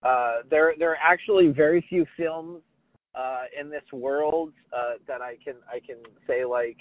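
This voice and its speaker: A man hosting a casual podcast, talking in a slightly high voice with jokey, stop-start chatter. The sound is dry and narrow, like a phone line with no room around it. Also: fairly even intonation, unhurried, dry recording. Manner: jokey, tries on silly voices, many restarts. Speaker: podcast host. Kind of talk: casual chat.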